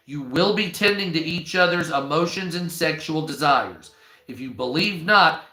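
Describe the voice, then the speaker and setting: A man's voice: on the high side, bright, forceful tone. Rambling, profane man in an echoey room. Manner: rambling, profane, offhand asides. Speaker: news commentary host. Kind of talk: casual commentary on news articles.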